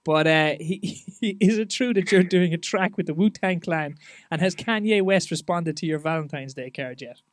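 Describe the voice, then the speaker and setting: A man hosting a podcast, chatting loosely with casual swearing and lots of halting restarts. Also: on the high side, dry recording, studio quality. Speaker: podcast host.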